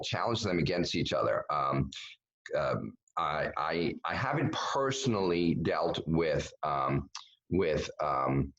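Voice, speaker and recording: A man's voice: low voice, muffled recording. A man giving a webinar presentation over a video call, talking bluntly and casually with lots of fillers and restarts.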